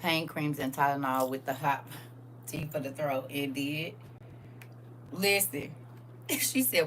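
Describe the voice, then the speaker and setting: A woman hosting a live-streamed Bible study, preaching in a lively, playful way and answering viewers' comments. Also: deep voice, takes it slowly, long pauses, slight background noise.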